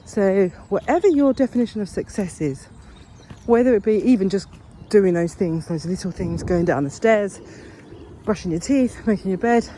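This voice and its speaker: A woman's voice: medium pitch, warm tone, slight background noise. A woman talking earnestly and encouragingly in a casual walk-and-talk vlog outdoors, rambling a little as she goes. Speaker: vlogger. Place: outdoors on a walk along a path.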